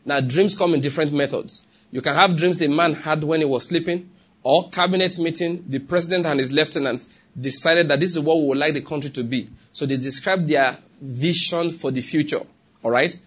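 The pastor, a man speaking Nigerian English, sounds fairly bright, a little high, and husky with a breathy edge. He drives his sermon home emphatically and repeatedly stops to ask whether people are following.

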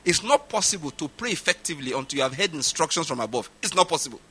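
Emphatic Nigerian pastor with a high bright voice. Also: male voice, animated, fast talker, breathy edge. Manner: emphatic, repeats points for stress. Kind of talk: sermon.

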